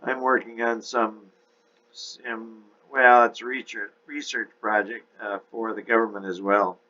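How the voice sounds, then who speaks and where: Man reading as a flustered young fella, stammery, kinda low and dull. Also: level tone, unhurried, bright, forceful tone. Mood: nervous. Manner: hesitant, stumbling.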